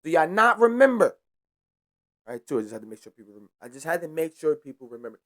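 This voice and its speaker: A man's voice: on the high side, big pitch swings, fast talker, a bit bright. A young man hosting a podcast, ranting in a heated, profane way and repeating himself for emphasis. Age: young adult. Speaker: podcast host. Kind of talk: casual ranting monologue.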